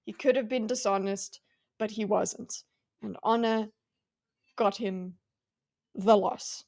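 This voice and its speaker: A woman co-hosting a casual book club, reacting in an expressive, exasperated way. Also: medium pitch, slow pace, gravelly, no echo, clean studio sound. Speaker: co-host of a book club show.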